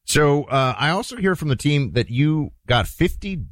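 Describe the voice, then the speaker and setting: A man's voice: on the high side, animated, moderate pace, dry recording, studio quality. A man hosting a radio talk show, interviewing a guest in an upbeat, conversational way.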